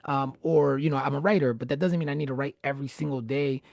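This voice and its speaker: A man's voice: mid-range voice, steady tone, fast, creaky, a little mellow, no room sound. A man hosting a casual live-streamed chat, talking animatedly and repeating words when he gets going. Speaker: host.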